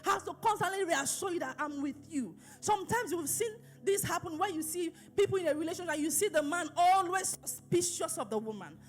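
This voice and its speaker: A woman's voice: extremely high pitch, lively intonation, a little fast, hardly any pauses, soft background music. A woman pastor preaching an emphatic sermon, repeating phrases and asking her listeners questions.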